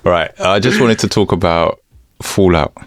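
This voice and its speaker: Deep-voiced co-host asking short questions. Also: male voice, normal speed, dry recording, studio quality. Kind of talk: casual interview chat.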